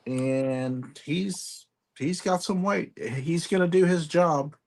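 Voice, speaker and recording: A man hosting a live online sale, joking and describing items deliberately. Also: on the high side, a little mellow. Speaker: auction host.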